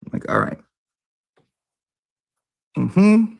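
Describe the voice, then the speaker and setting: A man's voice: low-pitched, a little slow, gravelly, a little mellow, no room sound. A man giving a brash, profane, theatrical comic review of beauty products.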